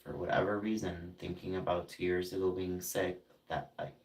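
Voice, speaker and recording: A man venting about friends who hurt him, indignant and halting, with frequent fillers and restarts. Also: sits low, flat delivery. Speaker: vlogger. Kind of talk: emotional personal vent. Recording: roomy, distant from the mic.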